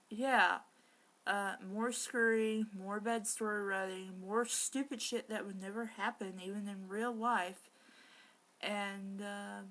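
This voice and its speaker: A woman's voice: mid-range voice, fairly bright tone. A woman reading bad fan fiction aloud for laughs and breaking in with sarcastic, exasperated remarks. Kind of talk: comedic dramatic reading with commentary.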